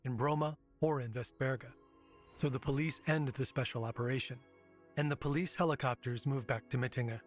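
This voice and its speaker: A man reading a scripted crime documentary narration in a measured, factual way. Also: medium pitch, steady tone. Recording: narration with background music.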